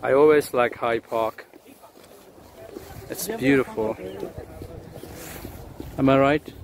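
A man vlogging outdoors in a city park, chatting with passers-by in an excitable way and repeating words and phrases. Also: medium pitch, takes it slowly, slight background noise. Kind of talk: casual vlog chat with passers-by.

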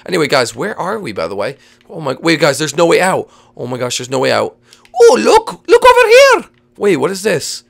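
A woman hosting a game role-play, leading her friends in an excitable, bossy way with sudden shouts. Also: rumbling low, a little fast, vocal fry. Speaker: host.

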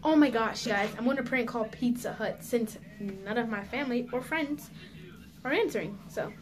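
A woman's voice: a little high, moderate pace, background noise. A woman chatting casually in a home vlog, giggly and nervous, talking straight to her viewers. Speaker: vlogger. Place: at home indoors.

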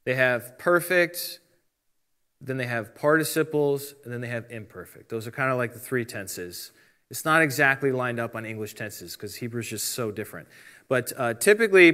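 A man with a bright, forceful voice of middling pitch gives a relaxed Bible lesson. He talks conversationally and walks through each point step by step, reading passages aloud as he goes. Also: moderate pace. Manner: conversational, explains step by step, reads out translations. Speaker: Bible teacher. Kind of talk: casual teaching talk.

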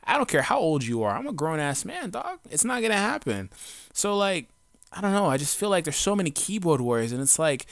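A man's voice: fairly high pitch, big pitch swings, fairly quick, gravelly, dry recording. Blunt, defiant man ranting on a dry mic. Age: adult. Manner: blunt and defiant, slangy with frequent profanity; loose rambling talk with many fillers. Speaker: gaming YouTuber. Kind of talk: casual unscripted rant to camera. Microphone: home recording mic.

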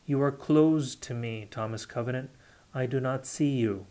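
A man's voice: medium pitch, normal speed, warm tone, natural voice. Solemn young woman guide, read by a man. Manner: solemn and heavy. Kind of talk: audiobook reading.

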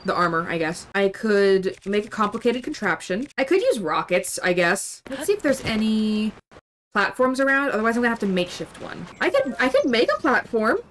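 A woman's voice: medium pitch, sing-song, a little fast, a bit bright, a little hiss or hum. A young woman streaming a video game, commenting casually in a playful, self-mocking way and talking to herself.

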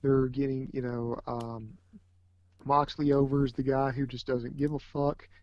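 A man's voice: mid-range voice, little pitch movement, a little slow, dry recording, muffled recording. A man co-hosting a casual wrestling review, joking easily and talking with many fillers. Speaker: podcast co-host.

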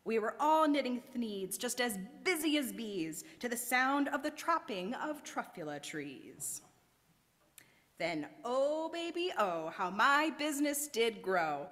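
A woman reads a rhyming storybook aloud at a worship service, her voice swinging widely in pitch. She takes it slowly and theatrically, and a long reverb trails off the church walls. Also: very animated, a bit bright. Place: church sanctuary.

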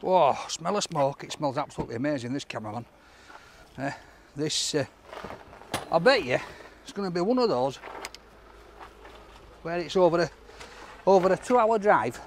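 A jokey man hosting a food vlog, his voice sitting a little high. He bursts into loud exclamations as he drives, then walks about outdoors. A faint hum of noise runs behind him. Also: expressive, moderate pace, pauses often. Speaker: food vlogger host. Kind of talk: casual vlog chat. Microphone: camera held by a cameraman.

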